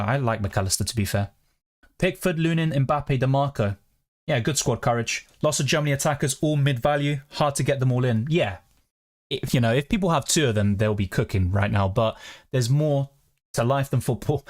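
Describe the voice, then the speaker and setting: A man talks casually on a home live stream. He chats loosely and swears freely while reading out viewer comments. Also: mid-range voice. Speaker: fantasy football streamer.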